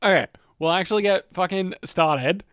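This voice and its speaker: A man's voice: high-pitched, normal speed, a bit bright, clear, resonant tone, dry recording, clean studio sound. A man co-hosting a podcast, telling fantasy lore in a rambling, profane, joking way. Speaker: podcast co-host narrating lore. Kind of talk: casual lore chat.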